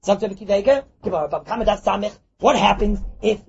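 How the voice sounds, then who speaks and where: A man giving an animated Talmud class, acting out little scenes and mixing Hebrew and Yiddish terms into his talk. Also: high voice, racing, gravelly, muffled recording, very noisy. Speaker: Torah teacher.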